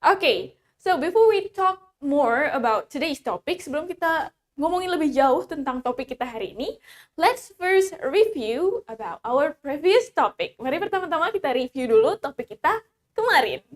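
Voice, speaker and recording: Woman, Indonesian accent, high voice, English teacher, switches languages line by line, careful English. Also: very animated. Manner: repeats each line in two languages, slow and clear in English. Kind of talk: bilingual English lesson.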